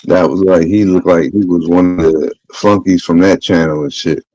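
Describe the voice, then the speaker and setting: A man's voice: low voice, fairly even intonation, moderate pace, darkish tone, dry recording, dull audio. A man hosting a casual streamed chat show, talking in a laid-back, profane, slangy way. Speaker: podcast host.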